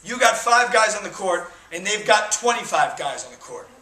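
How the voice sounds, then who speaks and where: High-voiced man telling a story to students. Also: very animated, normal speed, bright, forceful tone. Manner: jokey, conversational, emphatic. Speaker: touring actor speaking to students. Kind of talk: theatrical storytelling. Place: school auditorium. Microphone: far camera. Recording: echoey hall from far off.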